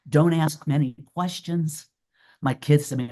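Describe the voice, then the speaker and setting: A woman's voice: low-pitched, brisk, mellow. A woman giving an earnest, reflective talk as a guest presenter, repeating her key phrases for emphasis. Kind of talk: webinar talk and Q&A.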